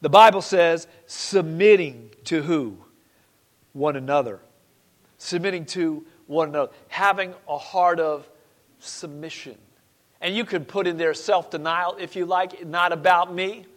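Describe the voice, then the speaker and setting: A man's voice: on the high side, unhurried. A man preaching a sermon as pastor, emphatic, repeating key phrases and putting questions to the congregation.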